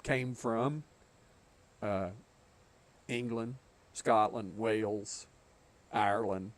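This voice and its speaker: A man's voice: fairly low pitch, fairly even intonation, drawn-out words. A middle-aged man with a Southern US accent, chatting casually and telling stories while streaming a game. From southeastern United States. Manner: chatty storyteller, chuckles often. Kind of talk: casual chat while gaming.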